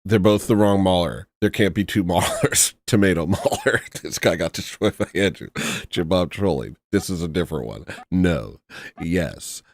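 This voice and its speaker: Man, livestream host, casual reaction talk, sarcastic, laughing, low voice, lively pitch. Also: moderate pace, dry recording. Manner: joking, sarcastic, laughs often.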